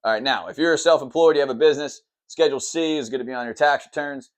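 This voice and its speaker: Brief: fast-talking male mortgage lender at a whiteboard, rambling, mid pitch, keeps saying "okay". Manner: fast, rambling, full of "okay" and "all right" check-ins; says he talks fast and tries to slow down. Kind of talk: explaining the mortgage process.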